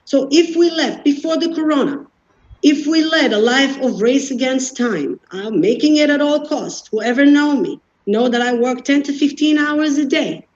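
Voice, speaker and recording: A woman's voice: high voice, animated, moderate pace. Woman explaining earnestly, dull lo-fi sound. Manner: earnest, non-judgmental, explains with everyday examples. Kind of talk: explanatory talk on defense mechanisms. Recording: dull lo-fi recording.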